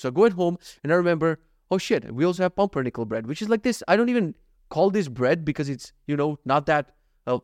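Fast-talking, self-critical male podcaster. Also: a little high, dry recording, studio quality. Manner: rambling and self-critical, heavy swearing. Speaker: podcast host. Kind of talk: candid confessional monologue.

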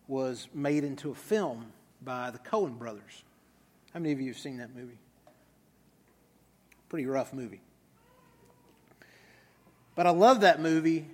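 Male pastor, sermon, conversational storyteller, very slow, long church-hall echo. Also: on the high side. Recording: reverberant hall.

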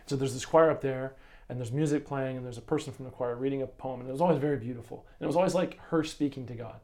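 A man with a warm, mellow voice co-hosts a casual Bible lesson talk. He tells his stories with enthusiasm, stumbling and restarting as he goes. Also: medium pitch, fast. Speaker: co-host of a Bible lesson commentary. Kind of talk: casual religious discussion.

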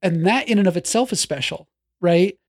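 A man in his forties co-hosting a podcast, chatty and animated, with restarts and playful jabs. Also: sits high, moderate pace. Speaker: podcast co-host. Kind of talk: casual chat.

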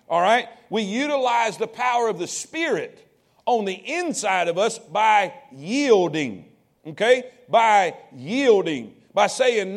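Male pastor, high-pitched, repetitive and emphatic preaching. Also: animated, moderate pace. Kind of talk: sermon.

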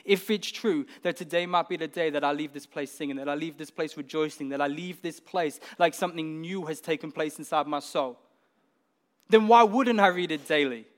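A man's voice: a little high, steady tone, fairly quick, few pauses. A man preaching a sermon, earnest and building to emphatic peaks, often repeating words as he goes.

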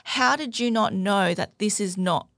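A woman hosting a podcast interview, speaking in a soft, halting, reflective way. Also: medium pitch, no room sound, studio quality. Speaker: podcast host. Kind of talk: conversational interview.

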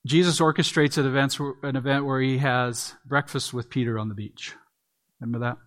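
A man's voice: medium pitch, fairly even intonation, brisk, a bit bright. A man preaching an earnest expository sermon, leaning on emphatic repeats. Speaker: pastor.

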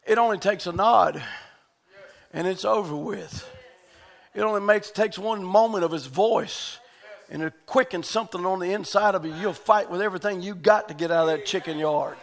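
High-voiced fervent male preacher. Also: normal speed, creaky. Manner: fervent shouting with sudden quiet stretches. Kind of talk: sermon.

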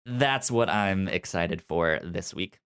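A man hosting a casual video game podcast, talking in halting bursts with many restarts and frequent laughs. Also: sits low, expressive, fairly bright tone, clean tone. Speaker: podcast host. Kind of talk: casual chat.

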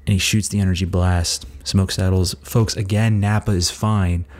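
A man's voice: sits low, level tone, normal speed, darkish tone. A young man casually retelling a cartoon plot in a crude, rambling comic way, full of "like" fillers. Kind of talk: casual comedic recap.

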